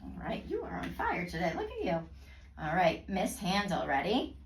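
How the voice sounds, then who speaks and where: A woman tutoring a student in reading, praising often and sounding out words slowly in parts. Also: on the low side, huge pitch swings, slight background noise. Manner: slow, clearly segmented word pronunciation. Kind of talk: one-on-one reading lesson. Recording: roomy sound from a distance.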